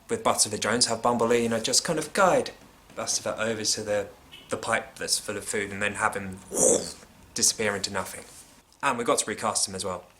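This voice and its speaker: A man vlogging a casual, opinionated critique with a wry tone, often dropping into hushed asides. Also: lowish voice. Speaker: vlogger reviewing a film.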